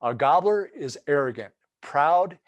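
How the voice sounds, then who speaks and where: A man teaching turkey calling in a webinar, talking in a folksy, rambling, explanatory way. His voice sits somewhat high for a man. The sound is dry and close, with no room around it. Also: lively intonation, measured pace, no room sound, dull audio. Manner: folksy, loose and explanatory, with many restarts. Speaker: turkey hunting instructor. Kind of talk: webinar lesson.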